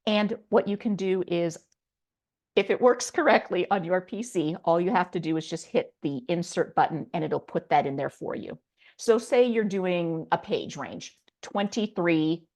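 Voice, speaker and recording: A middle-aged woman with a slightly low voice walks through a writing lesson. She explains patiently and step by step, with an "um" here and there. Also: a little mellow. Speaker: writing instructor. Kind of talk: recorded online lesson.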